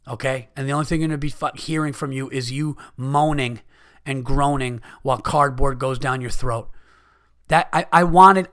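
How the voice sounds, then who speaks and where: A man's voice: fairly high pitch, fairly bright tone. A man in his thirties hosting a podcast, ranting in a heated, profane comedic way and often restarting his sentences. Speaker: podcast host.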